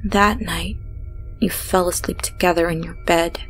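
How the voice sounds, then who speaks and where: A woman reads a horror story at an unhurried, deliberate pace. Her delivery is hushed, often dropping to a whisper, with faint music underneath. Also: fairly low pitch, fairly even intonation. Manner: slow, hushed, with whispered passages. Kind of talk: scripted horror narration.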